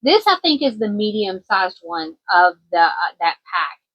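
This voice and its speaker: A woman's voice: medium pitch, very animated, normal speed, breathy edge, highs cut off. A woman from Kentucky with a country twang, chatting casually in a craft vlog as a small business owner, rambling a little with plenty of ums. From Kentucky, USA. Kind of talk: casual show-and-tell vlog.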